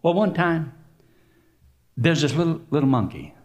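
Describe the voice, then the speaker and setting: A male preacher giving a sermon, telling stories with big swings from quiet to loud exclamations. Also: a little high, normal speed. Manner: animated storytelling, swings from soft to exclamations.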